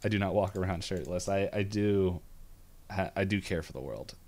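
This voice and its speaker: A man co-hosting a casual show recap, rambling with frequent giggles and quick asides. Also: low voice, darkish tone. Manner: rambling and giggly, quick bursts of acted quotes. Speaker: podcast co-host.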